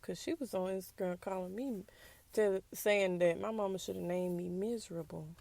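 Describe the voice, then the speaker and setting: A woman's voice: mid-range voice, normal speed, vocal fry, warm tone, dry recording. A young adult woman talking candidly and with some sass in a casual personal monologue, sometimes dropping to a whisper for asides. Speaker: podcast host.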